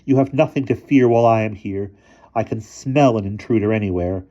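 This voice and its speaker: A man reading aloud, voicing a shrill, indignant old headmistress with a high, imperious voice. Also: brisk, dark tone, lo-fi sound, close to an everyday voice. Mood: sweetly protective.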